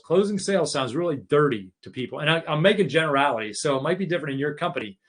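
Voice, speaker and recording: A middle-aged keynote speaker on leadership gives a live masterclass talk in a conversational style, his fairly high, slightly bright voice moving fast and expressively with hardly any pauses. He restarts phrases often and acts out short bits of quoted dialogue.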